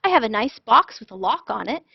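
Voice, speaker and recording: A woman's voice: fairly high pitch, sing-song, a little fast, gravelly, husky, no echo, heavily acted. A woman voicing an earnest, literal-minded housekeeper in a storybook reading, polite and matter-of-fact. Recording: dull lo-fi dry sound.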